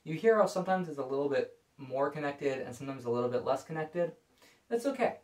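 A man calmly explaining violin bowing technique in a scripted video lesson. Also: fairly high pitch, fast talker, soft background music. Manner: calm, explanatory. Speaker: violin teacher. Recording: echoey room.

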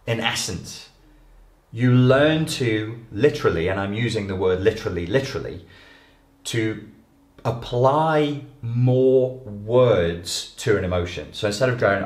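A man giving an animated, emphatic lecture to an audience as a life coach. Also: fairly low pitch, moderate pace. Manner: animated, emphatic, acts out quoted voices. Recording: echoey room.

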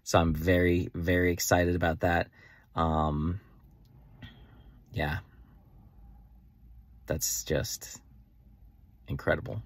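Young guy rambling excitedly in a vlog, deep husky voice, tons of "like". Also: slow pace, pauses often, dry recording. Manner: excitable, rambling, many "like" fillers. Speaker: vlogger and faith coach. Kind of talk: enthusiastic daily vlog monologue.

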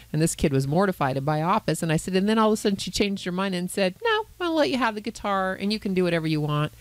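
A woman, a Christian counselor co-hosting a podcast, retelling a Bible parable in a lively storytelling way. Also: on the low side, no room sound, low-quality recording. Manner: animated storyteller who voices characters. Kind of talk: conversational Bible teaching.

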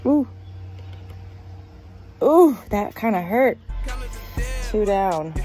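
A woman's voice: medium pitch, expressive, very slow, dark tone. A young woman vlogging outdoors while camping, talking herself through her nerves in a chatty, sing-song way. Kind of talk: casual vlog to camera. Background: music.

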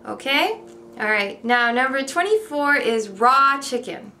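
An ESL teacher with a bright, slightly high, expressive voice teaches vocabulary very slowly and deliberately. She repeats every word and checks in with "okay?" as she goes, over a faint hum.

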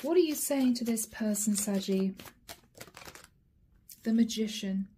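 A woman's voice: fairly high pitch, unhurried, dark tone, a little hiss or hum. A woman giving a tarot reading, addressing the viewer directly with probing, repeated questions. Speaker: tarot reader.

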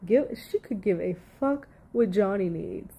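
A woman's voice: medium pitch, lively intonation, a little slow, vocal fry, warm tone, slightly rough. A woman giving heated reaction commentary on audio clips, blunt, profane and exasperated.

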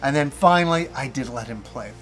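A man in his forties, a gaming channel host, telling a casual story in an animated, self-mocking way with some swearing. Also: medium pitch, a little fast, faint music behind.

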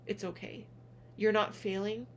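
Gentle earnest woman vlogger. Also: mid-range voice, steady tone, unhurried, slight background noise. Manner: gentle, earnest, calls listeners "honey". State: tearful at moments. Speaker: spiritual vlogger, reader. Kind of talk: heartfelt direct-to-camera vlog.

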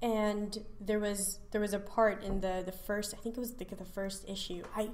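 A woman on a comics podcast panel, enthusiastic and quick to laugh. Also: medium pitch, little pitch movement, a little mellow, slight background noise. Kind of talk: casual podcast chat about comics.

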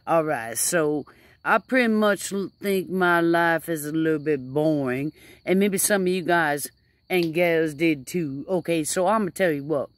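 A woman's voice: sits low, moderate pace, dry recording. A woman rambling casually to her camera outdoors by a fire, stretching out her words for emphasis. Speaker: vlogger.

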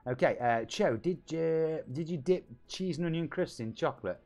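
A British man in his forties, streaming from his home setup with a bouncy, lively voice that swoops up and down. He shouts out viewers with excitable hype and easy banter, with faint music under him. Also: on the high side, normal speed. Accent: British English. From England. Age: 40s. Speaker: game streamer. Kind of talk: lively live-stream chat. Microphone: home streaming microphone.

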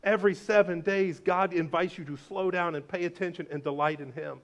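Joking, animated male pastor preaching. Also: high-pitched, fairly quick. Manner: animated, joking, swings between loud and hushed. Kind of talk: sermon. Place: church sanctuary.

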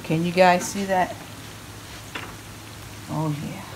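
A woman's voice: fairly low pitch, steady tone, slow. A woman cooking on camera in a playful style, drawing out her "oh yeah"s and calling her viewers babies. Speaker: cooking vlogger. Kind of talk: cooking demo with chatter. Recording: noisy home kitchen recording.

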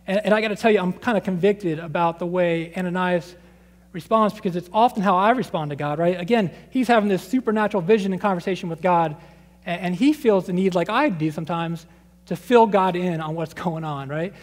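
A man in his thirties preaching a sermon, conversational and animated, acting out scripture quotes and his children's voices. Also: high voice, fairly quick. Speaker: pastor. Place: church sanctuary. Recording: long reverb of a church sanctuary.

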